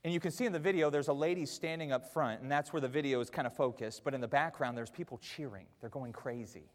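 A man preaching a sermon in a church auditorium, wearing a mic, chatty and self-mocking, swinging from quiet asides to shouted peaks. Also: medium pitch, quick pace, in a large hall. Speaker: pastor.

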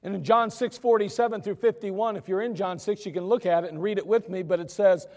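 A man preaching a sermon as pastor, in a chatty, animated storytelling way. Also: high-pitched, brisk. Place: church sanctuary. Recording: long reverb of a church hall.

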